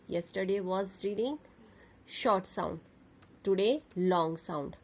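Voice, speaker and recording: A young woman with an Indian English accent leads a phonics lesson for small children, spelling each word letter by letter before she reads it aloud. She speaks very slowly and deliberately, at a middle pitch. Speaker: teacher.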